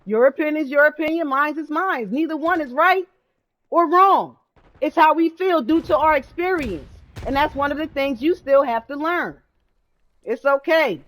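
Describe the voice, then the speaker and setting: Blunt, high-voiced woman ranting while gaming. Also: normal speed, fairly bright tone. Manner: blunt, repetitive, swears freely. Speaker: gaming streamer. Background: video game gunfire.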